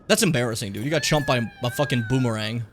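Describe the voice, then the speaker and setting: A man's voice: medium pitch, animated, fast, a little hiss or hum. A young man streaming a video game, rambling casually and swearing often. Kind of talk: let's play commentary.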